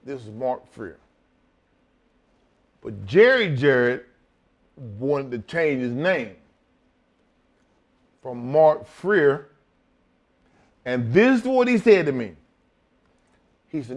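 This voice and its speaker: A middle-aged man and former wrestler telling a profane, animated story in a shoot interview, laughing as he goes. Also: medium pitch, takes it slowly, long pauses.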